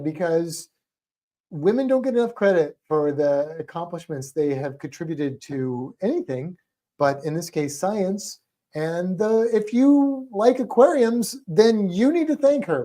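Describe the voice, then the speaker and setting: A man's voice: sits high, dark tone. A man co-hosting a casual livestream podcast, chatty and playful, rambling through asides and tripping over hard names. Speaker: podcast co-host.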